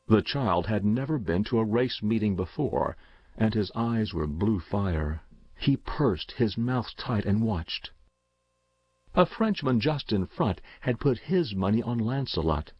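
A man narrating an audiobook in a measured, expressive storytelling manner. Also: lowish voice, slightly rough, dry recording. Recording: dull dry lo-fi recording.

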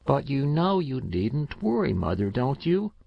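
A man's voice: medium pitch, sing-song, unhurried, creaky, dry recording, highs cut off, voice pushed up, full character voice. A man voicing a frail, intense young boy who speaks earnestly and insistently. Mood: reassuring.

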